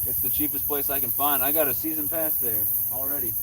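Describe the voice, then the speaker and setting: A man's voice: mid-range voice, fast talker, far from the mic, a little hiss or hum. A man casually chatting on a night fishing livestream outdoors, easygoing and talkative. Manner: easygoing, chatty, says man and bro a lot.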